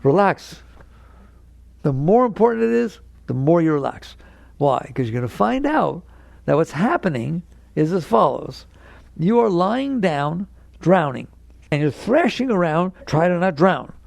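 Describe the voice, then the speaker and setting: A man's voice: fairly high pitch, big pitch swings, a little slow, gravelly, darkish tone, no echo. A man giving a spiritual lecture to an audience, speaking emphatically, repeating key words and acting out inner voices with a chuckle. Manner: acts out inner voices in quotes. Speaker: spiritual teacher.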